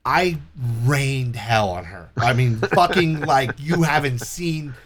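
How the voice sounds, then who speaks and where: A man's voice: mid-range voice, slow. A man telling a long story in casual chat, swearing a lot and acting out what people said. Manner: animated, swears a lot, acts out quoted voices. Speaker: storyteller guest.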